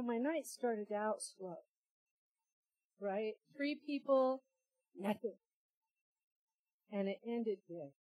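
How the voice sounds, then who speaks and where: A woman preacher telling a healing story and reading scripture, acting out the dialogue with lively storytelling. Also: a little high, dry recording, poor audio. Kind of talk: sermon with testimony and scripture reading.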